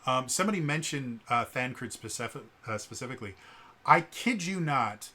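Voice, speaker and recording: A man's voice: mid-range voice, expressive, normal speed, bright, forceful tone. A man giving blunt, rambling spoken commentary for his gaming vlog, full of um and uh fillers. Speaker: gaming vlogger.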